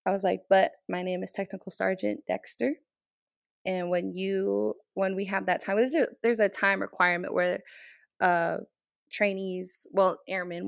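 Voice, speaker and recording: A young woman, a military training instructor from the Navajo Nation, telling a story in an interview with emotional, animated retelling. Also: fairly low pitch, creaky, dry recording, studio quality. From Navajo Nation, Southwest US.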